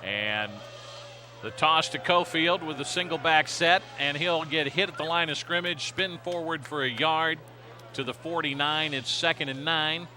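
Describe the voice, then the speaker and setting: A man calling high school football play-by-play, brisk and rising to shouts on big plays. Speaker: play-by-play announcer. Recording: noisy outdoor stadium broadcast with crowd.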